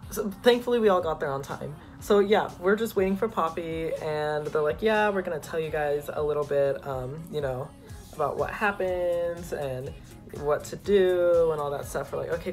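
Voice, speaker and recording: Excitable young man telling a story. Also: a little high, unhurried, faint music behind. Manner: excitable, rambling, heavy use of "like". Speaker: vlogger. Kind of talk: casual storytelling to camera.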